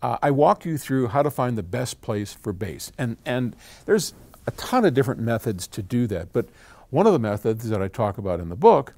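A man's voice: medium pitch, very animated, normal speed, darkish tone. An older man casually answering a viewer's question, chatty and prone to tangents. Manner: chatty, wanders off on tangents, laughs at himself. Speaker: audio company founder answering viewer questions. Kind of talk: casual chat.

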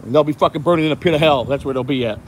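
A man rants on a phone livestream while out walking in the heat, swearing and repeating himself. His voice sits fairly high for a man. Faint traffic hum runs behind him. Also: racing. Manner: profane, ranting, repetitive. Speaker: host. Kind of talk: angry livestream rant. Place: outdoors, walking in hot sun.

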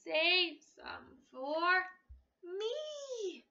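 A storybook farmer who stretches out his words as he pleads, a woman doing his lines. The voice sits high and bright, and the recording sounds a little dull. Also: expressive, drawn-out words, gravelly, heavily acted. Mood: pleading. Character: pleading male farmer in a picture book.

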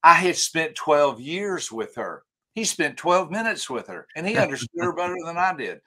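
A man's voice: on the high side, moderate pace. An older man, a guest author and trainer, telling a story in a podcast interview and acting out the dialogue with frequent restarts. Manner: animated storyteller, acts out quoted dialogue, many restarts.

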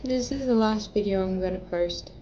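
A woman's voice: mid-range voice, normal speed, dark tone, dull audio, a little hiss or hum. A young woman vlogger making an emotional message to camera, pleading and tearful, her voice breaking as she cries at times. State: crying at times.

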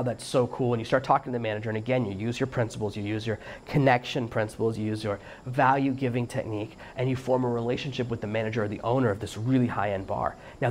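A man's voice: mid-range voice, a little hiss or hum. A middle-aged man hosting a solo podcast, giving emphatic coaching advice and acting out little bits of dialogue. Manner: fast-talking, emphatic coaching tone; acts out quoted dialogue. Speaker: podcast host.

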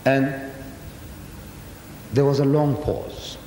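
A man in his seventies gives a public lecture in a large hall, telling a story with emphatic rhetorical questions. His voice is mellow, extremely slow and fairly even in intonation. The hall recording is echoey, with a faint rumble.

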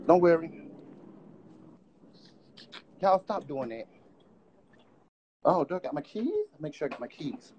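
A man's voice: fairly high pitch, animated, normal speed, lo-fi sound, slight background noise. A man ranting on a live stream from home into his phone, agitated, repetitive and profane.

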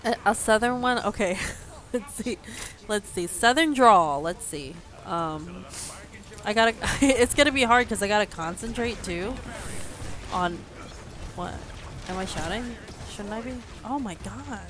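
A woman's voice: medium pitch, a little slow, fairly bright tone. A woman streaming a video game, chatting casually, teasing someone in the room and laughing often. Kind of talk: casual gameplay chat.

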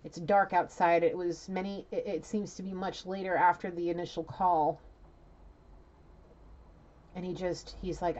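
A woman's voice: lowish voice, little pitch movement, unhurried, a little mellow, highs cut off, slight background noise. A woman doing an intuitive reading, talking casually and emotionally and swearing freely. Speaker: intuitive reader.

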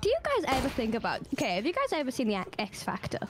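A woman's voice: sits high, wildly swooping pitch, noisy background. A Welsh woman chatting and teasing her friends while playing a game online, laughing often. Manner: giggly, teasing, quick to laugh. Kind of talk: casual chat while gaming.

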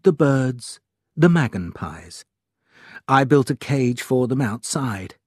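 A man slowly reading a children's storybook aloud in a lively way. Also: mid-range voice, slightly rough, dry recording, studio quality. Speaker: reader. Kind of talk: storybook narration.

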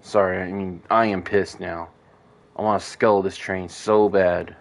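A man's voice: deep voice, little pitch movement, a little slow, gravelly. A man streaming a western video game, talking to the characters and swearing as he grumbles at the action. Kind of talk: casual gameplay commentary.

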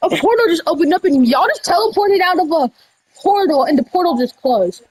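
A woman doing casual game role-play over voice chat, rambling with restarts and breaking into sudden high shouts. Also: expressive, a little fast, no room sound, low-quality recording. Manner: rambling, with many restarts and y'all. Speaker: roleplayer running a candy store character.

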